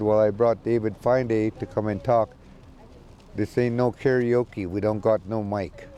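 A man giving a casual, halting spoken report from an outdoor camp, with many restarts. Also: fairly low pitch, warm tone, slight background noise. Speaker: community advocate calling in from a camp. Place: outdoor encampment.

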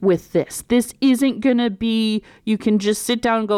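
A woman talking gently and conversationally about responding to pain, reassuring the listener and acting out her own self-talk. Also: fairly high pitch, moderate pace, few pauses, clean tone, dry recording, clean studio sound. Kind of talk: instructional talk to camera.

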